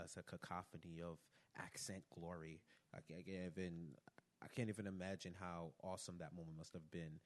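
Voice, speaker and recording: A young man with a New York accent, hosting a casual podcast chat and telling animated stories with frequent laughs. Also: sits low. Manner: animated storytelling, laughs often. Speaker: podcast host.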